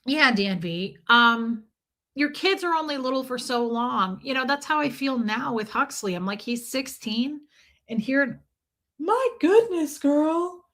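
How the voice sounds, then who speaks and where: A woman's voice: on the high side, expressive, a little slow, bright, forceful tone. A middle-aged woman hosting a casual livestream, chatting with opinions and greeting viewers by name as she reads their comments. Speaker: livestream host.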